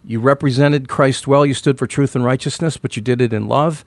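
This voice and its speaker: Radio host dude, fast and encouraging, dry studio sound. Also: male voice, mid-range voice, steady tone, no room sound. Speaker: radio talk show host. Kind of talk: roundtable podcast discussion.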